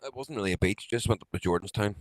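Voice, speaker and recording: A Northern Irish man co-hosting a podcast, telling stories in sweary, animated casual chat. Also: fairly low pitch, racing, dry recording. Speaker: podcast co-host.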